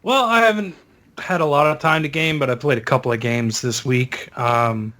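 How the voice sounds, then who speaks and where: A man co-hosting a gaming podcast, chatting in a relaxed, easygoing way. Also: medium pitch, moderate pace. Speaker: podcast co-host. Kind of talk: casual gaming chat.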